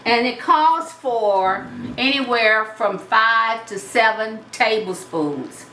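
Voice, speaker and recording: A woman's voice: on the high side, animated, slow, bright, forceful tone, slight background noise. A woman with a Southern US accent hosting a home cooking show, explaining each step in a chatty way. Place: home kitchen. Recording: roomy, mic at a distance.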